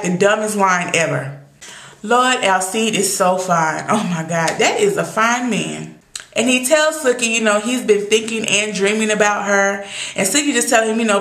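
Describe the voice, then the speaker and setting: In an echoey room, a TV recap vlogger, a young woman whose medium-pitched voice sounds fairly bright, walks through an episode. She's sassy, casual and full of opinions, exclaiming constantly.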